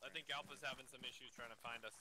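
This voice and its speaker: A man acting as squad leader in a military shooter, briskly asking for orders over voice chat. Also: mid-range voice, steady tone, bright, forceful tone, a little hiss or hum, low-quality recording. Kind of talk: quick squad radio chatter while gaming.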